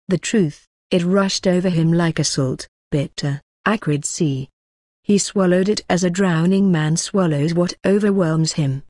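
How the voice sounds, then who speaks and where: Low mellow woman reading an audiobook. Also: dry recording, studio quality. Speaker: audiobook narrator. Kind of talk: scripted narration of a novel.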